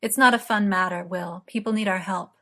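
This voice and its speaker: An earnest, serious young man speaking slowly and sternly, as a woman narrator puts him on in a storybook reading. Mid-range pitch. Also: fairly even intonation, fairly bright tone.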